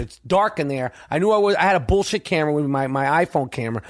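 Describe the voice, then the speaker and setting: New guy hosting a podcast, swears constantly, acts out the voices of people in his stories; high voice, dry close mic. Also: fast talker, dry recording. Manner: profane, animated, acts out quoted voices. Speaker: podcast host. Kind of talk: casual storytelling monologue.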